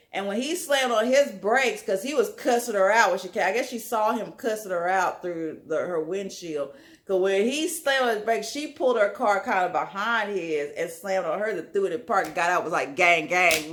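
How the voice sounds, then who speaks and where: Animated young woman telling a story. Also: mid-range voice, moderate pace. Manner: animated, full of "like" fillers. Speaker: storyteller, channel host. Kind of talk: casual storytime vlog.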